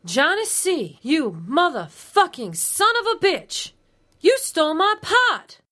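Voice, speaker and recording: A voice putting on a shrill enraged woman, very high, swooping wildly, bright edge. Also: big pitch swings, slow, heavily acted. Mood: furious. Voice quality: shrill and profane. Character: furious woman yelling about theft.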